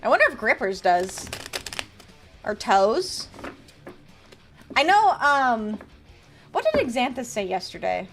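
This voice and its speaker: A woman with a high, bright-pitched voice leads a casual live stream. Her speech jumps up and down constantly as she teases viewers and offers them tarot readings in a chatty, playful way. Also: sing-song, takes it slowly, pauses often, soft background music.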